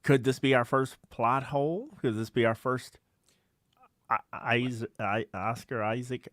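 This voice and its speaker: A man co-hosting a podcast, recapping a TV episode in a relaxed chat and laughing easily. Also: medium pitch, a little slow, no echo, studio quality. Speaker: podcast co-host. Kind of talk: casual episode review chat.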